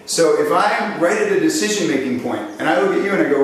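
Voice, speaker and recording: With a fairly high pitch, this man speaks fairly quickly and hardly pauses as he leads a live sales seminar. He tells lively stories, does voices, and questions the audience. The mic sits far off in an echoey hall, and there's slight background noise.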